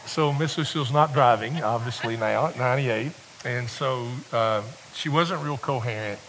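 A middle-aged preacher telling homespun stories from the pulpit, often restarting his words before pressing his point with fervour. His voice sits at a medium pitch, and a faint hiss runs under the recording. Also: moderate pace, fairly bright tone, rough recording. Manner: folksy, rambling storyteller with many restarts, building to fervent exhortation. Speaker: visiting preacher. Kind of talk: sermon with personal storytelling.

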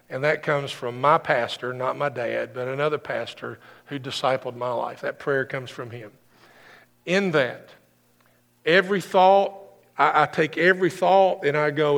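A man delivers a sermon in a high voice, earnest and repetitive, pressing his points home with emphatic peaks. His words ring out with the long reverb of a large hall. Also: gravelly, fairly bright tone. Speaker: preacher.

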